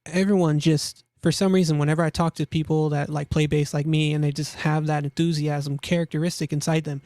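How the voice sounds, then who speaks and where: A young man hosts casual commentary on gear listings, chatty and jokey, repeating himself and laughing at his own jokes. His voice is a little high and dark in tone, with little pitch movement and a slightly fast pace, recorded at studio quality with no echo.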